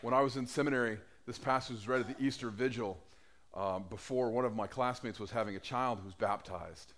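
A man with a mid-range, fairly bright voice preaches a sermon at a brisk pace. His style is conversational, and he puts questions to the congregation.

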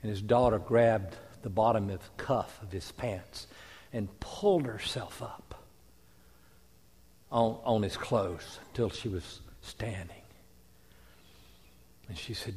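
A man preaching a sermon as a pastor, telling a story with hushed quiet passages and rising emphatic peaks. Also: lowish voice, slow, pauses often, husky. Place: church sanctuary. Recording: long hall reverb.

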